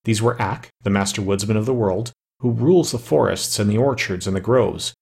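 A man reading a fairy tale aloud in a measured, even storytelling manner. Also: lowish voice, vocal fry, slightly rough. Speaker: audiobook narrator.

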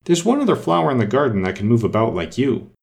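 A man's voice: medium pitch, big pitch swings, fast talker, creaky, darkish tone. A man voicing a prim talking rose who speaks in a faintly condescending storybook manner.

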